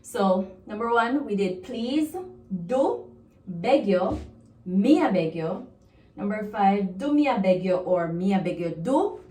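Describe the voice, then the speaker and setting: A woman's voice: mid-range voice, lively intonation, takes it slowly, dark tone, far from the mic. A woman with a Jamaican accent gives a casual online language lesson, explaining patiently, laughing often and acting out phrases. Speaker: language teacher. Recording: echoey room, voice from off the mic.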